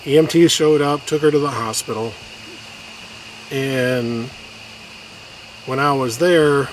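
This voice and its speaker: Guy telling a hard story on a trail, halting, voice breaking up, lots of noise around. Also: medium pitch. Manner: halting, many restarts, gets choked up. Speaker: vlogger telling a personal story. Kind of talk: emotional personal storytelling. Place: outdoors on a hiking trail. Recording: noisy outdoor recording.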